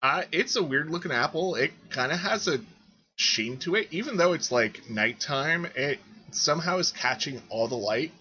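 A man's voice: mid-range voice, bright, forceful tone, muffled recording, slight background noise. A man narrating as game master, describing scenes and speaking directly to the players.

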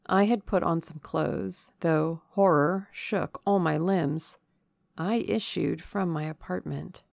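A woman reading a classic novel aloud as an audiobook narrator, measured and dramatic. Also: low voice, creaky, darkish tone, dry recording, studio quality.

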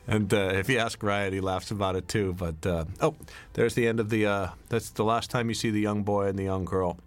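A man's voice: on the low side, steady tone, a little fast. A middle-aged man giving a rambling film commentary as director, full of fillers and restarts. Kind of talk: DVD commentary.

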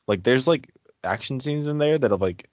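A man co-hosting a podcast in casual chat, easygoing and quick to laugh. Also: medium pitch, expressive, no room sound. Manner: easygoing, chatty, laughs often. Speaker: podcast co-host.

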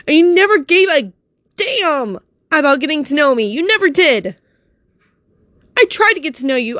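Upset woman, high voice, dry close sound, near tears, blunt and swearing. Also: fairly bright tone, no room sound. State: fighting back tears. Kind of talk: emotional personal vent to camera.

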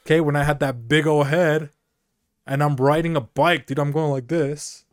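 A man's voice: fairly high pitch, fairly even intonation, moderate pace, dry recording, studio quality. Rambling man telling stories, "dude" every line. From Mexico. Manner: rambling, peppers talk with "dude" and "you know". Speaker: podcast co-host. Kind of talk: casual comedic storytelling.

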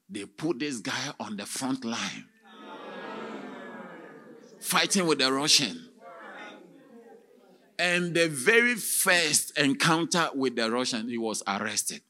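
A man preaching as a theatrical storyteller, with sudden shouts and sound effects. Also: mid-range voice. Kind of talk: dramatic sermon storytelling.

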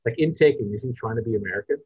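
Husky-voiced man rambling about movies. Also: medium pitch, rapid-fire, a little mellow, no room sound. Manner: rambling, restarts, drops into a mumble at ends. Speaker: podcast co-host. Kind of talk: casual movie review chat. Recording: dull, dry podcast mic.

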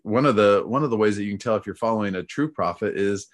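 A man's voice: on the low side, fast talker. A man who teaches seminary, chatting casually about planning scripture lessons and rambling through fillers and restarts. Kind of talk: casual teaching-prep chat.

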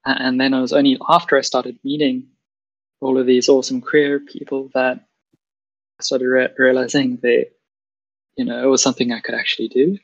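Rumbling and low, this South African trans woman's voice barely shifts in pitch as she chats at a moderate pace. She's a guest on a lo-fi video call, speaking casually with a South African accent, hesitating often and restarting sentences amid plenty of fillers.

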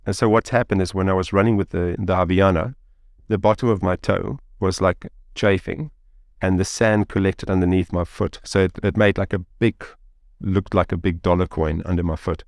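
A man, a guest telling a story in an interview, rambling and animated with lots of fillers like "like" and "you know". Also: low voice, moderate pace, hardly any pauses, dry recording, studio quality.

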